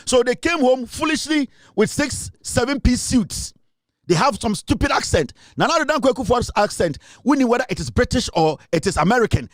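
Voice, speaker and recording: A man's voice: very high-pitched, very animated, a little fast, no room sound, studio quality. A man with a Ghanaian accent delivering a heated, scornful political rant, repeating himself and mixing in Twi. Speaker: political commentator.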